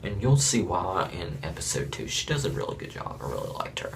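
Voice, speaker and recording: A man's voice: low voice, huge pitch swings, fairly quick, vocal fry, slight background noise. A man from Florida giving a casual, blunt and rambling review of a reality show, with chuckling asides.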